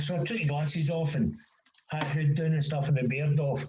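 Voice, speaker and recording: A man telling lively anecdotes in casual chat, acting out the dialogue and laughing often. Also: fairly high pitch, normal speed, slight background noise. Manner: animated storyteller, acts out dialogue, laughs often. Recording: dull, echoey sound.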